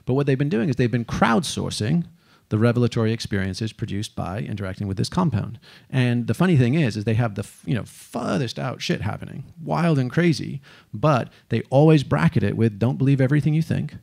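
A man giving a lively stage talk, animated and casual, cursing now and then and acting out the people he quotes. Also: medium pitch, brisk, gravelly. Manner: animated, swearing, acts out quotes. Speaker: speaker.

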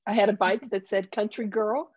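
A woman's voice: medium pitch, fairly even intonation, moderate pace, darkish tone, slightly rough, no room sound, highs cut off. A woman with a Southern accent, a guest telling personal stories in an earnest, heartfelt way. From Southern US countryside. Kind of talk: conversational interview.

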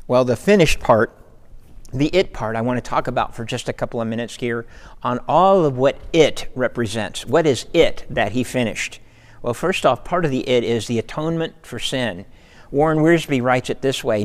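Man preaching, a bit high voiced, earnest, long church-hall echo. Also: normal speed. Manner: earnest, repeats words, rises to emphatic peaks. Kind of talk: sermon. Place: church sanctuary.

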